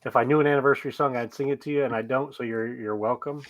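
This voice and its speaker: A man chatting as a podcast co-host, easygoing and a bit rambling. He drops dry little jokes. His voice sits in a middling pitch. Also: steady tone, fast. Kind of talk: casual podcast chat.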